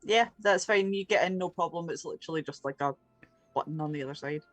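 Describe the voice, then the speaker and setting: A woman's voice: on the low side, quick pace, no room sound, faint music behind. A woman running a tabletop role-playing game as game master, talking casually with plenty of fillers.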